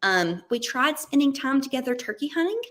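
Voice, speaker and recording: Animated woman telling a story. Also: high voice, a little fast. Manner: animated storyteller, acts out quotes and sounds. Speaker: guest. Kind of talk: casual anecdotal storytelling.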